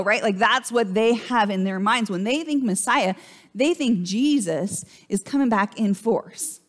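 A woman pastor with a fairly high voice delivers her church sermon a little slowly. Her manner is chatty and conversational, and she keeps asking "right?" to check in with listeners.

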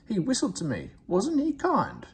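A man's voice: high-pitched, huge pitch swings, moderate pace, husky, voice pushed up, full character voice. A man voicing a kind, soothing old engine in a read-aloud storybook. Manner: gentle and soothing.

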